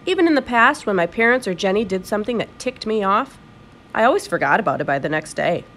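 A woman reading a children's novel aloud in an expressive storytelling voice. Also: medium pitch, quick pace, slight background noise. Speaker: audiobook reader.

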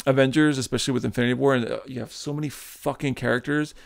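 A man's voice: medium pitch, fairly even intonation, quick pace, gravelly. A man hosting a podcast, chatting casually and animatedly, swearing freely and acting out what others might say. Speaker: podcast host. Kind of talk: casual chat.

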